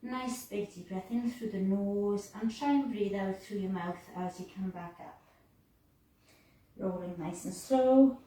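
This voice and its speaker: A woman leading a home Pilates class, calmly talking through breaths and moves with gentle fillers, in a room in a house. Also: mid-range voice. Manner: calm, slow cueing of breaths with fillers. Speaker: fitness instructor. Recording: roomy, distant mic with faint noise.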